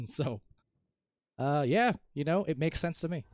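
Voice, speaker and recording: A man casting a live esports match, calling plays quickly and rising to shouts when goals are scored. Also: a little high, no echo. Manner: excitable, rises to shouts on goals. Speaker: esports caster. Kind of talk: live play-by-play commentary.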